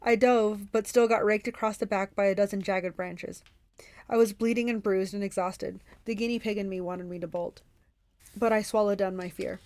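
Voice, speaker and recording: A woman reading a novel aloud for a book club, in steady first-person narration. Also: medium pitch, no room sound.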